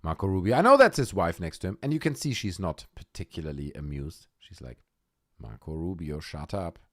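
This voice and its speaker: A man hosting a live online show in a loose, sarcastic way, with a lively voice that rises and falls a lot. He mocks the clips he talks about and keeps a casual tone throughout. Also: low-pitched, fast. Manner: sarcastic, mocking, puts on silly voices. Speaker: livestream host.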